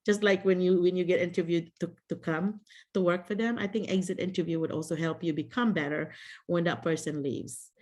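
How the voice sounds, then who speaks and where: A woman's voice: on the low side, steady tone, brisk, a little mellow. Woman host, video call, chatty and laughing, casual advice to teachers. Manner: chatty, laughs often, many fillers and restarts.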